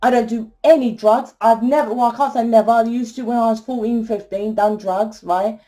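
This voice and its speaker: A woman's voice: on the high side, fairly even intonation, fairly quick, mellow. A woman giving a tarot reading in a fiery, blunt monologue, swearing freely and asking "right?" often. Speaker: tarot reader.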